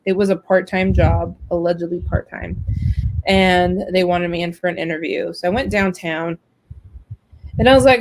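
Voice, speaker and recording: Speaking at a moderate pace in a lowish voice, a woman hosting a casual web talk show rambles through a long job-hunting tale, chatty and filler-heavy. The recording is rough.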